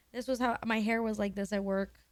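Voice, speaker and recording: A woman's voice: fairly high pitch, steady tone, moderate pace, a little mellow, no room sound. A young woman streamer in her twenties chatting candidly and emotionally with her viewers, swearing casually.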